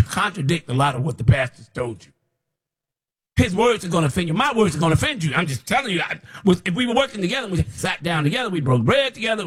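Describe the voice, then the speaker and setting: A man's voice: high voice, husky. A man preaching an unscripted, scolding sermon as a self-described prophet, repeating himself as he presses his point.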